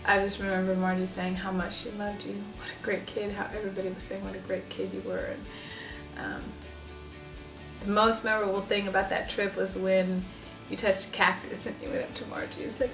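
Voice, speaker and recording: Animated woman telling family stories. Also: a little fast, reverberant, distant mic, over music, low-quality recording. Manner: animated, acts out quotes in a high voice. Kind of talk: casual family storytelling.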